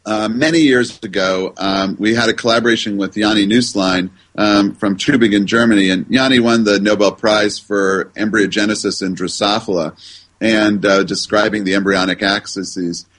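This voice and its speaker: A man's voice: on the low side, fairly even intonation, moderate pace, fairly bright tone, low-quality recording. An older man, a guest researcher, telling a funny anecdote in a podcast interview with many fillers and restarts.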